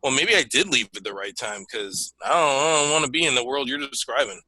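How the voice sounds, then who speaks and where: Male guest, former comic; bright, sharp voice, swears freely, straight talker. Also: mid-range voice, fairly quick, dry recording, low-quality recording. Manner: blunt, profane, animated. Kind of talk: casual chat.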